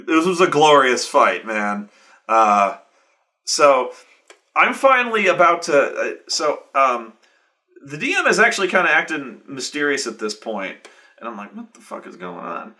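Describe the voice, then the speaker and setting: A man hosting a show, telling a long, animated, profane story with lots of restarts. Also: mid-range voice. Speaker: show host. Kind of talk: casual storytelling.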